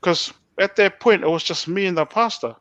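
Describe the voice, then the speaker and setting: A man telling a personal story as a podcast guest, animated, stumbling over restarts and swearing bluntly. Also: sits high, normal speed, no echo. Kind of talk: personal storytelling in a casual interview. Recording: dull lo-fi, dry sound.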